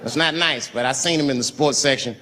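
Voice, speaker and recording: A man performing a stand-up comedy routine on a live stage, telling stories with big swings in pitch and volume. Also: a little fast, sharp tone, in a large hall, some chatter behind.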